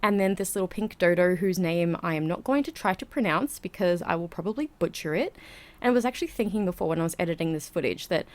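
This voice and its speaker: A woman's voice: on the low side, animated, fast talker, darkish tone. A woman, a channel host narrating a voiceover in a chatty, rambling, giggly way, a little out of breath. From Australia. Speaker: vlogger. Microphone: home voiceover mic.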